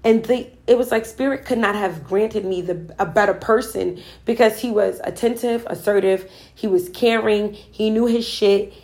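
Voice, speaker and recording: A woman's voice: medium pitch, normal speed, a little mellow. Woman talking spirit and manifesting, earnest and emphatic, repeats herself, casual storytelling. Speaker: spiritual speaker. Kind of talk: personal storytelling about manifesting.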